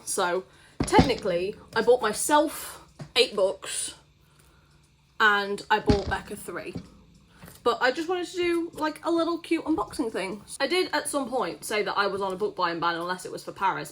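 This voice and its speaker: A woman's voice: medium pitch, a little hiss or hum. A young British woman chatting casually in a book vlog, swearing freely and ranting with mock outrage. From Britain. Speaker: book vlogger.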